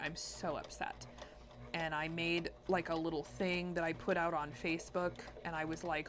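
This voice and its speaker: A woman vlogger chatting casually while she sews, telling a long story in a rambling, animated way with lots of "like" and "you know". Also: on the low side, a little hiss or hum. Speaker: sewing vlogger.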